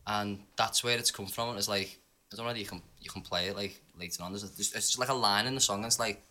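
Bright-voiced young man chatting. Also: lowish voice, steady tone, fast talker, hardly any pauses. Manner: rambling, loose storytelling with fillers. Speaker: guest singer. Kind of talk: casual podcast chat.

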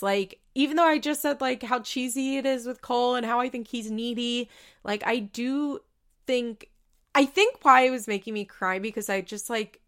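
Chatty young woman with a gravelly fry. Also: fairly high pitch, moderate pace. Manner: chatty, rambling, full of "like" and self-corrections; emotional, laughs often. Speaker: podcast host recapping a reality show. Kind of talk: casual chat.

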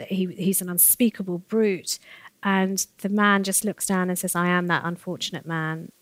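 A woman guest telling a story in conversation, acting out the voices of the people she quotes with big jumps in pitch. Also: no room sound. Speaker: author guest.

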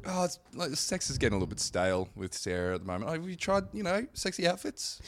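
A man co-hosting a casual chat, teasing and laughing loudly. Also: a little high, big pitch swings, fast. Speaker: podcast co-host.

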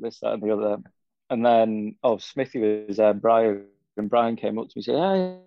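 A man's voice: fairly low pitch, normal speed, creaky, no room sound, lo-fi sound. A young man, talking easygoing and rambling as a guest in a casual interview. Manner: easygoing, rambling, frequent fillers. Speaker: cycling pundit guest.

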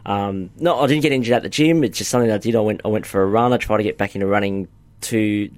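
A man's voice: fairly low pitch, quick pace, no room sound. A man in his forties co-hosting a podcast, talking casually and hesitantly with many restarts. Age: 40s. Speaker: podcast co-host. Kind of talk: casual chat.

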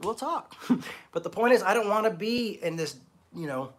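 A man's voice: sits high, animated, normal speed. A middle-aged man preaching an informal, conversational sermon as pastor of an online church, blunt and emphatic, with casual swearing and self-deprecating humor.

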